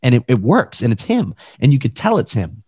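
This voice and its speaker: An energetic man talks as a podcast guest over a video call. He speaks emphatically and acts out examples with his own voice. The sound is dry and close, with no room echo. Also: mid-range voice, a little fast, husky. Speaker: realtor and guest. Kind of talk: casual podcast interview.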